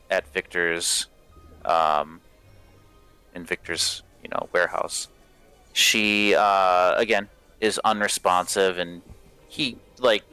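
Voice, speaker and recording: A man's voice: sits low, pushed and bright, clean tone. A man narrating as game master of a tabletop game, in a casual, rambling way with many fillers.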